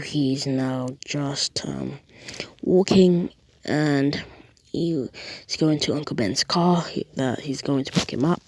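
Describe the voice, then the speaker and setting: Low husky-voiced woman rambling thru a made-up story, dry close audio. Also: a little mellow, no echo. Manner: rambling, strings events with "and then" and fillers. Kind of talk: casual improvised story retelling.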